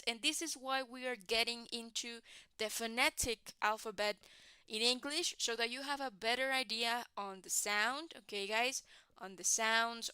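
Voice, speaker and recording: A woman's voice: fairly high pitch, sharp tone, clear, resonant tone, no echo. A woman teaching an English class online, patiently explaining and constantly checking in with "right, guys?". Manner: encouraging, explains patiently, repeats key words.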